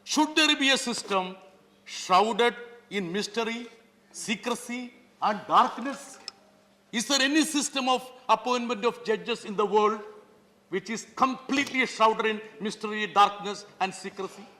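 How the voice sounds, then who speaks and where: High, bright-voiced parliamentarian. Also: male voice, unhurried. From Kerala, India. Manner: emphatic and rhetorical, stressing words and asking pointed questions. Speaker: member of parliament. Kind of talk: parliamentary floor speech. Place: large parliament chamber. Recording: reverberant legislative chamber.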